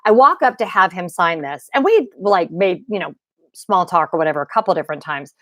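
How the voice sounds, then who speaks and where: A woman hosting a casual livestream, chatting excitedly with viewers and rambling, restarting and gushing as she goes. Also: on the low side, a little fast, dry recording, studio quality. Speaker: livestream host.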